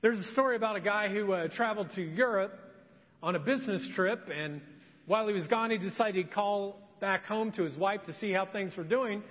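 A man with a strikingly high voice preaches in an easygoing, self-deprecating way, slipping into stories. His voice rings with long reverb through a church sanctuary and sounds slightly dull. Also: fairly quick. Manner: conversational, self-deprecating storytelling. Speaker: pastor. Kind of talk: sermon.

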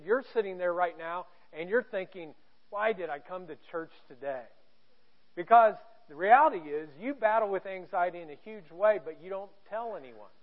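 High-voiced pastor with a tinny sound. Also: male voice. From Indiana, US. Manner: candid, self-deprecating, joking. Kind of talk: sermon. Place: church auditorium. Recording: tinny, phone-like narrow sound.

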